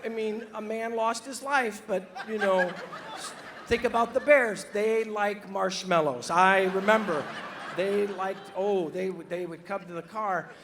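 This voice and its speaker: A man's voice: sits high, steady tone, measured pace, background noise. A comedian doing a middle-aged mother who tells a joke, scatterbrained and digressive, constantly losing the thread and wandering off topic. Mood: indignant.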